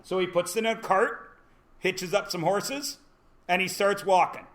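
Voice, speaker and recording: A man's voice: high-pitched, a little slow, a bit bright. A man teaching a classroom lesson, joking and quizzing his students as he goes. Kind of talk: classroom lecture.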